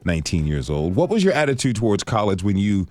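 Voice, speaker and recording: A man hosting a public radio interview, reading his transitions in a measured, scripted way. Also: fairly low pitch, sing-song, mellow. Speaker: radio host.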